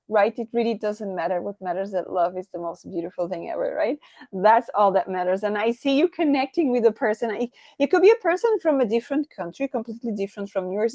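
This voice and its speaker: A woman giving a channeled tarot reading, effusive and excitable, tripping over her words and asking "right?" again and again. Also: mid-range voice, no room sound. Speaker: tarot reader.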